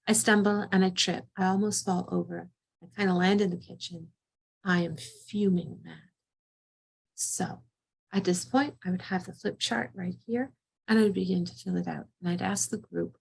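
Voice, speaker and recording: A woman's voice: fairly low pitch, fairly even intonation, normal speed, vocal fry, breathy edge. A middle-aged woman psychotherapist leading a training session, telling a vivid first-person scenario.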